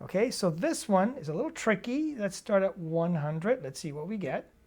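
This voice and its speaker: A woman's voice: medium pitch, expressive, normal speed, dark tone, a little hiss or hum. A woman teaching drum rudiments, explaining and counting sticking patterns step by step in a casual, encouraging way. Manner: casual and encouraging, with fillers and check-ins. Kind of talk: instructional demonstration.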